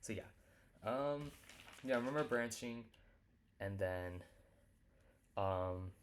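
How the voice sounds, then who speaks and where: Male teacher, very low voice, casual lecture, stumbles and corrects himself often. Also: slight background noise. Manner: halting, full of fillers and self-corrections.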